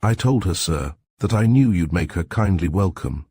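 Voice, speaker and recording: A man's voice: deep voice, lively intonation, normal speed, mellow, slightly rough, no echo. A man reading the part of a loyal older housekeeper who answers stiffly and deferentially.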